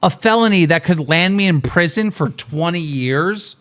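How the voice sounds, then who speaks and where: A man's voice: a little high, lively intonation, moderate pace, a bit bright. A middle-aged man hosting a livestream, ranting in an angry, mocking, profane way. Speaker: livestream host.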